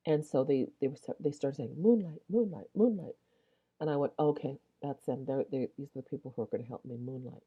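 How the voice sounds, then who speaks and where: A woman with a strikingly deep, low voice shares a personal testimony in a loose, rambling way, often circling back and restarting her sentences. She sounds a little tired, yawning and clearing her throat as she goes. The audio is dull and lo-fi. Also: fairly even intonation, brisk, mellow. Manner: rambling, with many restarts and asides. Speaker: Christian video host.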